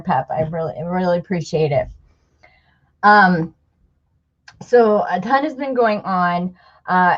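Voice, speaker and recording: A middle-aged woman hosting a casual livestream chat with viewers, speaking in a heartfelt, halting way, on the edge of tears. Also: mid-range voice. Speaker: livestream host. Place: home room with a table of craft supplies. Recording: dull lo-fi livestream audio.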